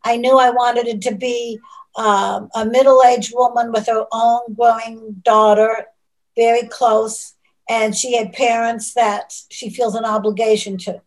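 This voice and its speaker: A woman who writes novels, answering questions in a measured, thoughtful way during a casual chat. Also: a little high, level tone, low-quality recording. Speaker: novelist guest.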